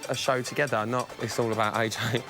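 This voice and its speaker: A man's voice: medium pitch, little pitch movement, quick pace. Cheeky man hosting a chat show. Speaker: host. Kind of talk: late-night entertainment show hosting. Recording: music in the background.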